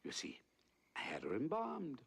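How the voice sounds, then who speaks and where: An actor playing a smug, scheming male doctor with a gravelly voice. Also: fairly high pitch, wildly swooping pitch, moderate pace, fairly bright tone, full character voice.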